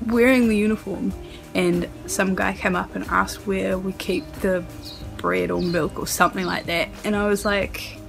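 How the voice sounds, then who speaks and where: A woman's voice: medium pitch, gravelly, fairly bright tone, low-quality recording. A woman telling a brief workplace anecdote in a matter-of-fact way. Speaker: storyteller. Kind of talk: personal anecdote.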